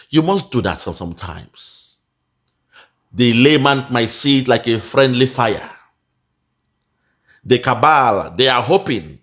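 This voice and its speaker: A man with a Nigerian accent giving heated, mocking commentary on a video clip, slipping into pidgin. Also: mid-range voice. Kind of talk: reaction commentary.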